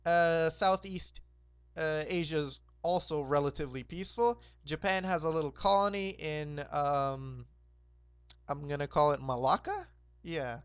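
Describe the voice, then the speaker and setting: A hoarse young man hosting a roleplay game, casually recapping the map in a rambling, laid-back way with lots of fillers. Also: a little high, unhurried, a bit bright, no echo, dull audio. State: hoarse, sore throat.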